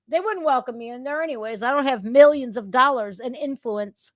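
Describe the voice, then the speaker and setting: Woman host, high voice, dry close sound, blunt, profane, ranting reaction commentary. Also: brisk, no room sound. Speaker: commentator reacting to news clips.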